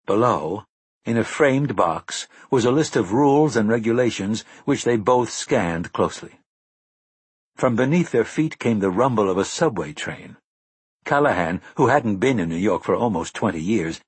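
A man reading an audiobook in measured, even scripted narration. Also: lowish voice, husky, no room sound.

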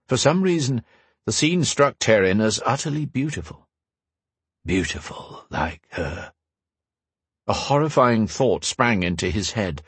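A man reads a fantasy novel aloud with measured storytelling. His voice is low and husky, and the sound is dry and close. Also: lively intonation, no room sound. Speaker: audiobook narrator. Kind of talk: scripted narration.

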